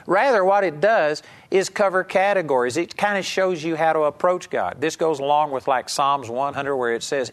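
A man preaching a televised sermon in a conversational, emphatic teaching manner, with asides to his viewers. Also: fairly high pitch.

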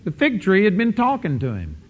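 A man preaching a sermon emphatically, swinging between loud declarations and quiet asides. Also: high-pitched, huge pitch swings, brisk, husky. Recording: dull lo-fi sound with long hall reverb.

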